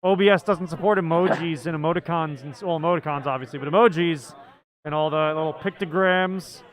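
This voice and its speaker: A man's voice: fairly high pitch, a little fast, poor audio. A man casting a card game tournament live, chatty and often laughing. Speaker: tournament commentator.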